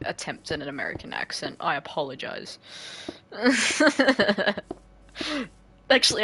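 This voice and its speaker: A woman's voice: on the low side, a bit bright, slight background noise. An Australian woman chatting casually on a live stream while building a game map, giggly and full of "like" fillers.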